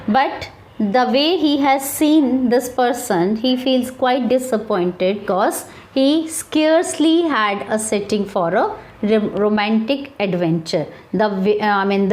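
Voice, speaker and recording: A slow, deliberate woman teacher walks students through a textbook story. Her voice sits fairly high. She restarts phrases and fills pauses with "uh" as she paraphrases. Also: a little mellow. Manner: paraphrases slowly with restarts and fillers. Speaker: English teacher. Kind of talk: textbook lesson explanation.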